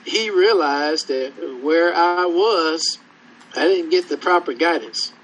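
A man preaching a sermon, slow and conversational, acting out scripture dialogue and drawing answers from the congregation. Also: a little high, fairly bright tone, slight background noise, low-quality recording.

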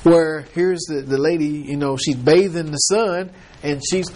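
A man's voice: on the high side, a little slow, background noise. A man leading a Bible study in a casual, chatty teaching style, laughing often and putting questions to the group.

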